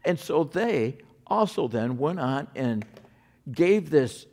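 Male pastor preaching, lively swooping delivery, medium pitch. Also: slow pace. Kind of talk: sermon.

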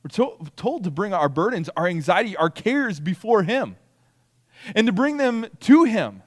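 A man with a fairly high voice that swings widely in pitch, preaching a sermon. He is animated, acting out the pleas and grumbles he quotes, and checks in with his listeners as he talks. Each point is pressed with restarts and emphasis. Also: moderate pace, in a large hall. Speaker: pastor.

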